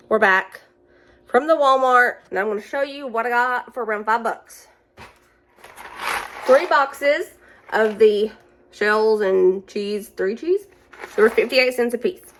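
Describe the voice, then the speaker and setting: A cooking vlogger with a Southern US accent chats folksily with her viewers while cooking in her home kitchen. Her voice is a little high, with slight background noise.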